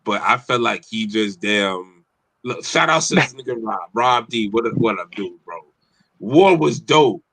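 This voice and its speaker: A man's voice: lowish voice, expressive, measured pace, fairly bright tone, breathy edge, no echo, poor audio. A man co-hosting a casual podcast chat, talking emphatically with lots of profanity. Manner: profane, emphatic, talks over others. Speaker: podcast co-host.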